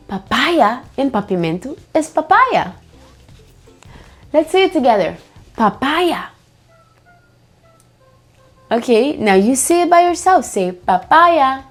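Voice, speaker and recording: Woman, children's language teacher, very slow and sing-song, faint music bed. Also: a little high, sing-song. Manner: slow and patient, repeats each word and prompts children to echo.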